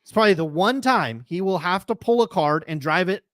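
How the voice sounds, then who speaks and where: A man's voice: high-pitched, animated, a little fast, fairly bright tone, no room sound, clean studio sound. A man hosting a live sports card talk show, chatting in an emphatic, rambling way that piles up comparisons. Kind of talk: casual opinionated chat.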